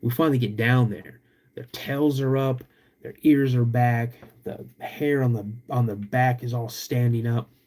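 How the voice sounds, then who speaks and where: A young man, hosting a podcast and telling a story in an animated, drawn-out way with sudden loud bursts. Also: medium pitch. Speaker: podcast host.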